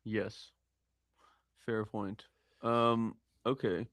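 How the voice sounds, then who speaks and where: A man's voice: on the low side, level tone, drawn-out words, fairly bright tone, no echo, clean studio sound. Questioning man on a call. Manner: probing, restarts his questions. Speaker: composer asking for feedback. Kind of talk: casual chat.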